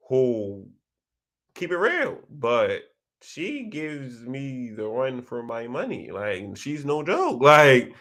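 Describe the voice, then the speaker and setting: A young man hosting a live chat, reading viewer comments and telling stories in a slangy, animated way. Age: young adult. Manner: animated, slangy storytelling with big pitch jumps. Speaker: host of a live chat session.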